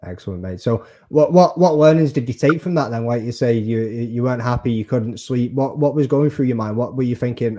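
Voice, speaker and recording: A man hosts a casual podcast interview, chatty and encouraging, and calls his guest "mate". His voice is warm and mellow at a middle pitch. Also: a little fast, few pauses.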